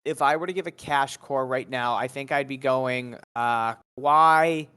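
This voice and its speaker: A man co-hosting a casual sports podcast, nasal from being sick, talking in a relaxed way with many fillers. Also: medium pitch, a little slow, clean tone, no room sound, clean studio sound. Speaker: co-host.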